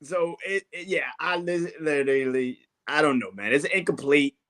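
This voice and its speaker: A man in casual sports talk who is blunt and swears freely, chuckling between his remarks. His voice sits a bit high and sounds bright and forward. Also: normal speed. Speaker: sports podcast co-host.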